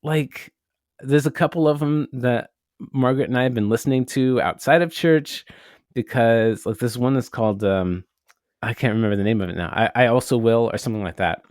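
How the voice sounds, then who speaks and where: Fairly quick and darkish in tone, a mid-range male voice co-hosts a podcast, meandering through a story in casual chat with the odd swear word. The recording is dry and clean, studio style.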